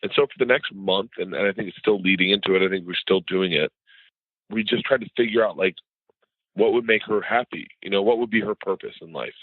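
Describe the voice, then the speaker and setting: Rambling comedian on a tinny line. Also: male voice, low-pitched, a little fast, no echo. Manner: rambling, animated storyteller who mimics others in conversation. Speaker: comedian guest. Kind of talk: casual interview storytelling. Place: at home.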